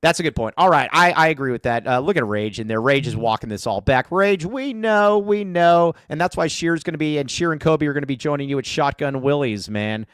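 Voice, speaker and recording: A man's voice: mid-range voice, fast, hardly any pauses, a bit bright, clean tone, no echo, studio quality. A man hosting a casual sports podcast, rambling and joking with plenty of fillers. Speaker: podcast host.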